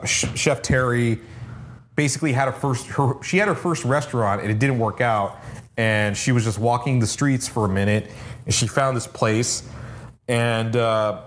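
A man's voice: medium pitch, a little hiss or hum. A man co-hosting a casual review podcast, recapping episodes in a rambling way with fillers and swearing. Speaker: podcast co-host.

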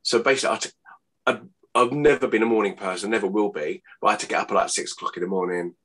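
A man, rambling and laughing as he chats in an interview, his voice not yet warmed up. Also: fairly low pitch, very fast. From Hertfordshire, England. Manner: rambling, chatty, laughs often, says mate. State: voice not warmed up, early morning. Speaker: impressionist guest. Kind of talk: casual interview chat.

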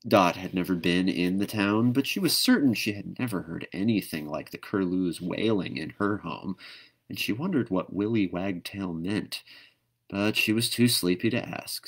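A man with a lowish voice reads a children's storybook aloud on a live stream. His delivery is measured and lilting, like a bedtime story. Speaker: storyteller reading a book aloud. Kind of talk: children's book read-aloud. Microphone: webcam or phone mic on a live stream.

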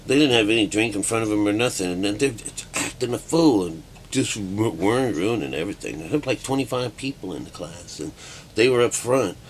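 A man's voice: deep voice, a little hiss or hum. A middle-aged man and art teacher talking in a rambling, profane monologue packed with fillers.

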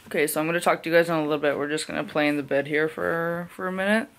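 A woman's voice: fairly even intonation, racing. A young woman vlogging casually about her day, chatting to the camera and cooing at her puppy. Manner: baby talk to a puppy, high squeals. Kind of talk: casual vlog chat.

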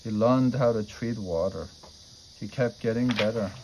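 A man reading a children's storybook aloud in a plain, steady manner. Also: lowish voice, normal speed, slight background noise, rough recording. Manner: plain, steady read-aloud delivery with small slips. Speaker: storybook reader.

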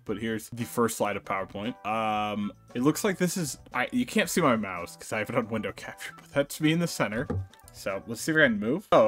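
A young man narrating a let's play, joking around and reacting loudly to the game. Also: medium pitch. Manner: excitable, jokey, squeals when startled. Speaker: gaming YouTuber.

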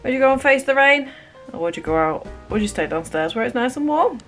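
A British woman vlogging at home, chatting straight to her viewers in a relaxed way. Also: high-pitched, fairly quick, soft background music. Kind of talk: casual home vlog.

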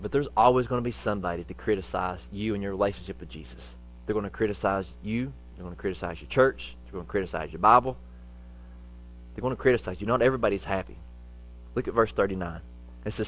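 With a lowish voice, a pastor delivers a folksy sermon. He repeats phrases for emphasis and shifts dramatically from loud passages to hushed ones.

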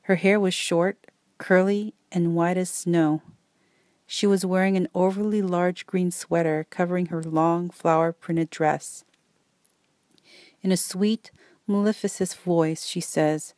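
Casting note: a woman audiobook narrator with a lowish voice, a steady first-person read, and dry, close sound. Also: measured pace, no echo.

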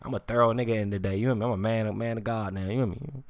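A man's voice: lowish voice, steady tone, rapid-fire, no room sound. A man ranting on a live stream in casual street slang, swearing often and repeating "you hear me". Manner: repetitive, keeps saying "you hear me", swears freely; slang-heavy street talk.

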